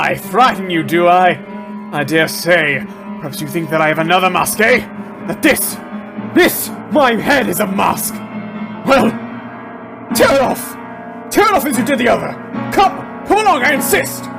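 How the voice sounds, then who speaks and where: A man's voice: high voice, animated, unhurried, gravelly, over music, heavily acted. A man playing a tormented, possessive masked man, ranting and brooding in a theatrical monologue. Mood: bitter, pleading. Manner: ranting, swinging from shouting to brooding. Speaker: actor in a student short film.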